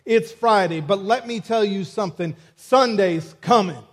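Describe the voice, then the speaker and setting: A man's voice: sits high, unhurried, pitched above the performer's own voice. A man doing a fiery Southern preacher. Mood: fervent. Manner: chanting, rising, emphatic repetition.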